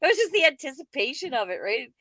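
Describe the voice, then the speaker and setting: Chatty woman podcast host, kinda high voice, dry close sound, laughs a lot. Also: fast talker, no echo. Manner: animated storyteller, laughs often. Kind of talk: casual conversation, storytelling.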